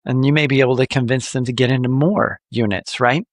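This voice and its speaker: Energetic man coaching on a podcast. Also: mid-range voice, a little fast, no room sound. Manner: animated, lively sales-coach delivery with playful jokes. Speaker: podcast host.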